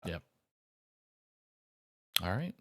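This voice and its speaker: A man hosting a live esports stream, wrapping up casually with halting, filler-filled speech. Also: sharp tone. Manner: halting, many filler pauses.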